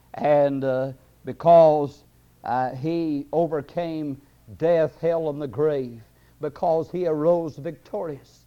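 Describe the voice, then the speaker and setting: A man's voice: a little high, mellow. A man preaching a sermon, impassioned and building, with frequent fillers. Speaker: pastor. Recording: dull lo-fi recording.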